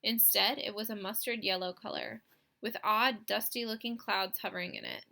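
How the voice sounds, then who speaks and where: Bright-voiced woman reading a story. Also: mid-range voice, steady tone, normal speed, gravelly. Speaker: audiobook reader. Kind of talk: scripted storybook narration.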